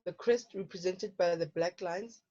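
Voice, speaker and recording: A woman's voice: on the low side, moderate pace, mellow. Woman teaching an online lesson. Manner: checks in with frequent "okay?". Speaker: physical science teacher. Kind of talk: online lesson explaining problems. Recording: dull lo-fi online lesson audio.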